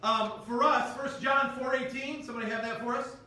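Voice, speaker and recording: A man's voice: extremely high pitch, fairly even intonation, brisk, sharp tone. A man leading a church Bible class in a casual, conversational way, often checking in with "right?". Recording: echoey room, mic far off.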